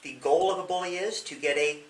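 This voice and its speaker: A police officer, a man with a slightly high, brisk voice and a fairly bright tone, gives young people advice during an interview. He explains things by asking questions and acting out examples. The room is echoey and the mic sits at a distance.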